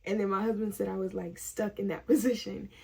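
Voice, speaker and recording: Young woman vlogger, gravelly and a bit husky, casual story-time chat, laughs often, lots of "like". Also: medium pitch, fairly even intonation, fairly quick, darkish tone. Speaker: vlogger, nursing student.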